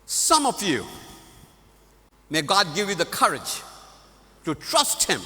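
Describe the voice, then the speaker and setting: Guy preaching at a conference, lively storyteller, bright sharp voice, big reverb. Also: high-pitched, takes it slowly, long pauses. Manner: animated storyteller, laughs at his own story. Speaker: conference speaker. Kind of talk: storytelling sermon. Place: large conference hall. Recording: echoey hall.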